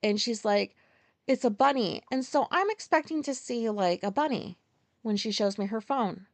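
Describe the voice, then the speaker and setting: A woman's voice: on the high side, lively intonation, moderate pace, no room sound. A woman in her forties hosting a casual solo podcast, telling stories candidly, ranting and swearing freely. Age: 40s. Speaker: podcast host.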